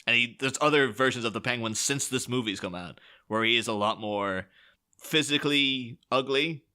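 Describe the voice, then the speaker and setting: A man's voice: mid-range voice, normal speed, bright, forceful tone. A man co-hosting a podcast, chatting casually and rambling with lots of restarts. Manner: rambling, enthusiastic, many restarts. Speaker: podcast co-host. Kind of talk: casual film podcast chat.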